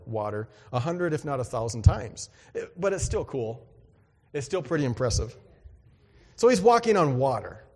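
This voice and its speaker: A man preaching a sermon in a lively, conversational way, acting out voices and exclamations as he tells the story. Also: a little high, in a large hall. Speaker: pastor.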